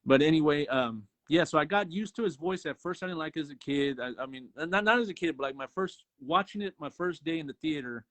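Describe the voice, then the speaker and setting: A man's voice: a little high, fairly quick, hardly any pauses, no echo. A man co-hosting a movie review show, chatting casually, swearing often and acting out scenes. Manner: profane, animated, acts out scenes. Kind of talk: casual chat.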